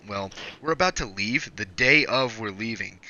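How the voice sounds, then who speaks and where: A man's voice: on the low side, animated, moderate pace, bright, forceful tone, muffled recording. A young man streaming a shooter game, telling a long story in a loose, profane way between plays. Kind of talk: rambling story told while gaming.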